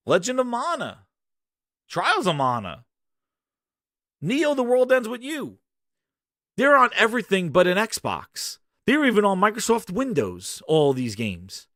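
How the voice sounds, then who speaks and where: Animated, argumentative male gaming host. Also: high-pitched, no echo, clean studio sound. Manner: emphatic, argumentative, addresses listeners directly. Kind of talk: animated opinion rant.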